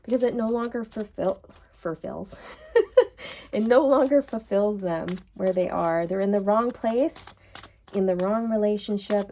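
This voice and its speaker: Slow, mellow-voiced woman reading tarot. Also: medium pitch. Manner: loose and chatty, repeats phrases, laughs at her own slips. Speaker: tarot reader. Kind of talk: tarot card reading monologue.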